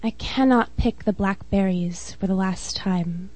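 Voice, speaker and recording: A woman reading her spoken-word poetry slowly and deliberately, trailing off softly at line ends. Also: medium pitch, no room sound, low-quality recording. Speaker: featured poet.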